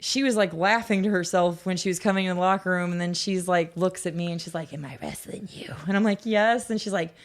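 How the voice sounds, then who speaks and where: A woman in her thirties, a guest on a podcast, telling stories in a casual, animated way, with frequent laughs and lots of filler words. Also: fairly low pitch, fast talker, few pauses. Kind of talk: casual storytelling interview.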